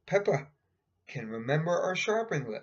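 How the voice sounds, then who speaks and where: A man's voice: on the high side, very animated, normal speed, slightly rough. A man casually reading a picture book aloud, adding chatty asides and pointing at the pictures. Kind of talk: casual storybook read-aloud. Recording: dull lo-fi recording.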